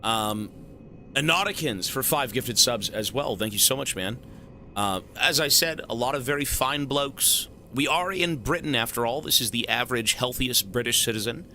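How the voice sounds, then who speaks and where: A man live-streaming a game who thanks his viewers with loud, swearing, joking banter. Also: medium pitch, lively intonation, moderate pace, a little hiss or hum. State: has a headache.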